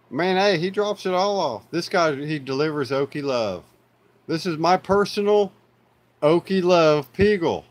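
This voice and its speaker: Speaking at normal speed with lively intonation and a fairly high voice, a man with an Oklahoma accent hosts a laid-back live stream. He rambles loosely, uses lots of fillers, and calls his viewers "y'all."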